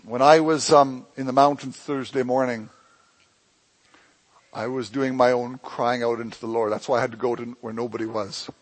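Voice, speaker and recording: Husky-voiced impassioned male pastor. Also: medium pitch, steady tone, normal speed, low-quality recording. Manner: impassioned preaching that swings between loud emphasis and hushed lines. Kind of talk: sermon.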